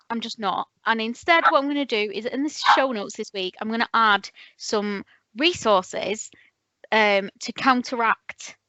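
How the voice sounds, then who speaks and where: A woman's voice: a little high, sharp tone, no room sound, highs cut off. A woman co-hosting a podcast in casual chat, playful and self-mocking as she teases her co-host.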